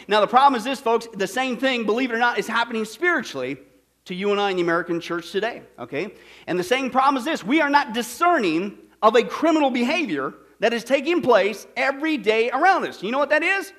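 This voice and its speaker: A man preaching a sermon in a church, animated and conversational, checking in with the congregation as he goes. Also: high-pitched. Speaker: pastor. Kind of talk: sermon with storytelling.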